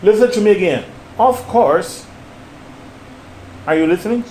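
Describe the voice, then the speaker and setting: A higher-voiced man coaches a student through English phrases, repeating them patiently and stressing the intonation. The room is noticeably echoey, and a faint hiss runs underneath. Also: lively intonation, a little slow, long pauses, darkish tone. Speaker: English teacher. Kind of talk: one-on-one English lesson.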